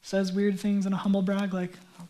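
A male pastor giving a sermon in a conversational, animated way, with casual asides. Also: high-pitched, brisk.

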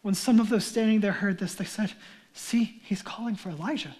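A man with a very high voice delivers a sermon as pastor. He acts out mocking crowd voices, then drops to a hush before rising to a shout. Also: a little fast. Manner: swings from hushed whispers to shouting.

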